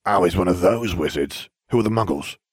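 A man voicing a gruff, blunt adult male wizard who mutters. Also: deep voice, expressive, brisk, no echo, clean studio sound. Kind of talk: fan fiction audiobook reading.

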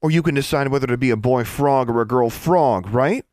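A man's voice: on the low side, expressive, fairly quick, dry recording, studio quality, pitched above the performer's own voice, natural voice. A man voicing a bossy teenage wizard boy in an audiobook reading, teasing and tagging his lines with "right?".

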